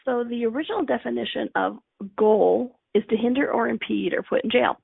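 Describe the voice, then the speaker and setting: A woman's voice: on the high side, a little fast, creaky, breathy edge, dry recording, narrow, tinny audio. A woman coaching on a live stream, telling a client story in a chatty way and acting out the quotes. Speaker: life coach.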